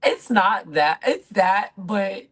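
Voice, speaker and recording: A woman's voice: medium pitch, animated, takes it slowly, husky. A woman co-hosting a podcast, talking in a casual, emphatic way and stacking up adjectives and long explanations. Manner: emphatic, piles up adjectives, wordy. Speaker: podcast co-host. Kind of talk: casual recap chat.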